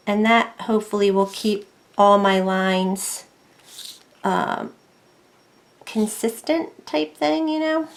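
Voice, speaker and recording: Woman, casual crafting host, unhurried and chatty, talks to herself while working, faint clicking behind. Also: mid-range voice, a little hiss or hum. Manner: chatty, thinks aloud while working, self-deprecating. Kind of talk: casual craft tutorial narration. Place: home craft desk.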